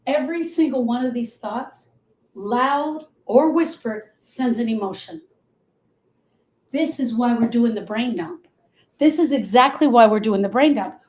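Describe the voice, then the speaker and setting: A woman's voice: fairly high pitch, darkish tone, echoey room, poor audio. A woman grief coach teaching on a live show, emphatic and repetitive, speaking straight to her listeners.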